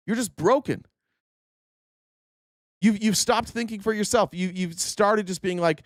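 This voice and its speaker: A man's voice: high voice, moderate pace, dry recording, studio quality. A man hosting a political livestream, ranting in a heated, profane way and repeating himself. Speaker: political show host. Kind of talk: angry livestream rant.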